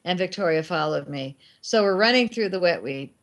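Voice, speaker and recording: A middle-aged woman, a guest filmmaker, telling animated anecdotes in casual talk and acting out the lines of the people in them. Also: fairly low pitch, normal speed. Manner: animated anecdotes with acted quotes. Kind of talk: casual storytelling.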